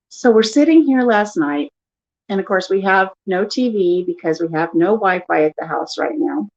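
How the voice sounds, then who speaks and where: A woman's voice: mid-range voice, normal speed, muffled recording. Older woman telling a chatty story. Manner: animated storyteller who acts out quotes. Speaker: vlogger. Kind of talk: casual chat. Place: home living room.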